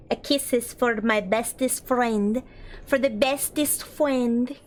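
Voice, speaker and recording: A woman's voice: sits high, slow. A young adult woman streaming a story game, chatting casually with giggles and gushing thanks to her viewers. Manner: bubbly, giggly, gushes at chat. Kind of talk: casual gameplay commentary.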